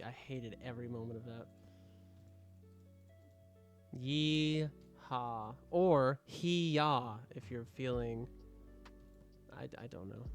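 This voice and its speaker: A young man casually commenting while streaming a game, joking and mock-scolding the customers, with faint music behind him. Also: medium pitch.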